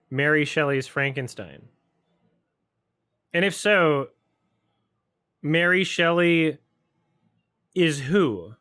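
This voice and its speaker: A man talks through a film as he watches it, snacking and musing aloud. His voice is bright and forceful when he asks his puzzled questions, then fades into quiet, mumbled asides. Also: on the high side, smooth. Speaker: film reviewer hosting a watch-along. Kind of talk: casual commentary while watching a film.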